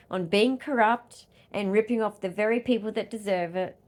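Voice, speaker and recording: An Australian woman in a furious vlog rant, her voice mid-pitched for a woman. She swears hard and lurches between shouted outbursts and low, bitter muttering. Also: normal speed, few pauses. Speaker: vlogger and disability advocate.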